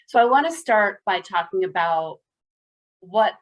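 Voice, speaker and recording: A woman's voice: medium pitch, expressive, a little slow, poor audio. A woman clinician presenting in a webinar over a video call, earnest, with frequent "right?" tag questions.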